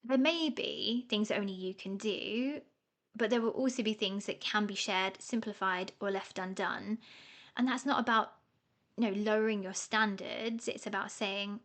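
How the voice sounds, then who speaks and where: A woman's voice: mid-range voice, steady tone, normal speed, fairly bright tone. A middle-aged woman hosting a podcast, talking casually and self-mockingly, often laughing. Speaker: podcast host. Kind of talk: casual solo podcast talk.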